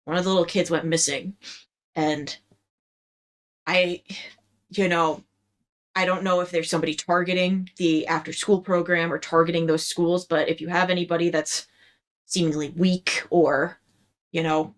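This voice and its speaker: A woman's voice: fairly low pitch, level tone, moderate pace, pauses often, close to an everyday voice. A woman voicing a stern police officer father who lectures his son.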